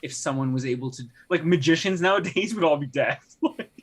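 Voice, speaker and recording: A man's voice: on the high side, fairly quick, husky. A man co-hosting a casual podcast chat, reading out facts with frequent fillers and laughs. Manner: laughs often, hesitant fillers and restarts. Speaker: podcast co-host.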